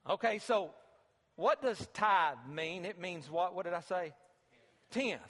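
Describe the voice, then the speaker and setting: A high-pitched male pastor delivers a conversational sermon in a church sanctuary. He repeats his key phrases and breaks into emphatic, rising bursts, and his voice carries a long reverb off the hall walls. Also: slow pace, bright, forceful tone.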